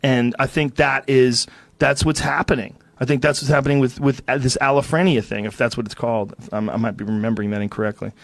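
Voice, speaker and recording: Podcast host thinking out loud. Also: male voice, medium pitch, steady tone, quick pace, creaky, dry recording. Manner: thinks aloud, hedging. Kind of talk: casual chat.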